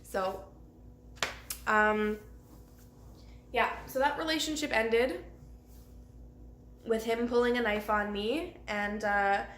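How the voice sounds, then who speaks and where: A woman's voice: a little high, steady tone, takes it slowly, pauses often, a bit bright. A young woman telling her own life story to the camera, candid and raw, with frequent swearing. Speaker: vlogger. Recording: roomy echo with faint ambient noise.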